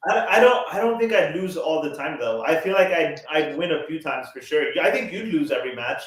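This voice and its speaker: Man, American accent, podcast co-host, confident, swaggering, casual swearing, slightly high voice, heavy room echo. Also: animated, a little fast. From United States. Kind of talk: casual chat. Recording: very echoey room.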